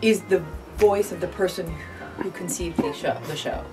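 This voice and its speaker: Low-voiced joking woman, music behind. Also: fairly even intonation, normal speed, warm tone. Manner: playful, sarcastic, laughs easily. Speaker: actor and director, guest. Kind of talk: casual interview chat over drinks. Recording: distant mic with clear background music.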